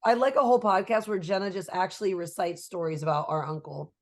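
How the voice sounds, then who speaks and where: A woman co-hosting a casual podcast chat, telling family stories with a quick, dry humor. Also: on the low side. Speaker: podcast co-host.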